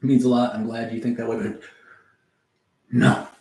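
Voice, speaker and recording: A man's voice: medium pitch, little pitch movement, normal speed, a little mellow, a little hiss or hum. A man chatting casually on a music livestream, rambling and meandering, swearing offhandedly and answering his chat as he goes. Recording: echoey room.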